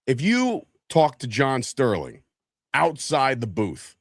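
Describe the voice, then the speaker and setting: A man's voice: mid-range voice, big pitch swings, moderate pace, a bit bright, dry recording, studio quality. A man co-hosting a casual sports podcast, opinionated and swearing casually. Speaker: podcast co-host.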